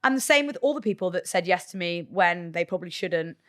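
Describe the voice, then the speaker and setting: A woman, talking casually on a podcast, chatty and swearing freely in quick bursts. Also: lowish voice, lively intonation. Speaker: podcast guest, presenter. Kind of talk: casual chat.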